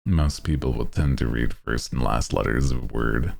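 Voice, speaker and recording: A man's voice: normal speed, creaky, a little mellow. A young man streaming, chatting casually with viewers in a laid-back, rambling way, laughing often. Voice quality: very deep.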